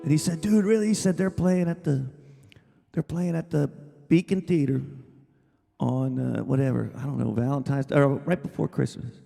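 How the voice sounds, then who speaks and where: A man's voice: mid-range voice, steady tone, moderate pace, gravelly, dark tone. A singer-songwriter man telling a rambling story between songs on a small coffeehouse stage, talking into a stage mic with many restarts. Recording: live room with long reverb and guitar.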